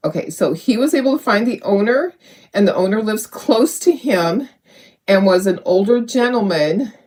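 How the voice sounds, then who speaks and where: A middle-aged woman with a medium-pitched, darkish voice hosts a craft channel livestream. She chats emotionally and restarts her sentences often while she works on her sample.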